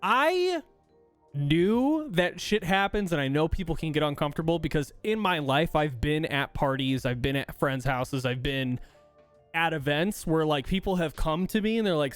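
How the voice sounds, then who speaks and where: A man's voice: a little high, animated, normal speed, a bit bright, clear, resonant tone, soft background music. A man from the United States hosting a livestream, ranting in a heated, profane, exasperated way while reading and answering chat. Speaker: streamer host.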